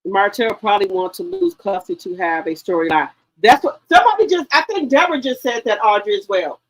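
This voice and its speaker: Animated, profane woman gossip host. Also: medium pitch, brisk, dry recording, poor audio. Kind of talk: casual livestream commentary.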